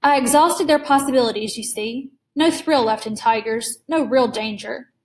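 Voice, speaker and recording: A woman reading aloud and voicing a suave, menacing aristocratic male hunter who speaks with slow courtly calm. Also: fairly high pitch, close to an everyday voice.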